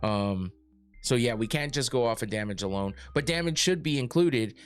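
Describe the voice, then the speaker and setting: A man's voice: medium pitch, lively intonation, normal speed, clean tone, faint music behind. A man hosting a casual podcast, rambling through his points with lots of fillers, restarts and swearing. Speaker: podcast host reading live chat.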